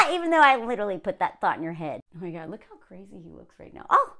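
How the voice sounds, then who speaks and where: A woman's voice: mid-range voice, very animated, fast talker, bright, forceful tone. A woman reacting to a story she reads aloud, commenting sarcastically and laughing often.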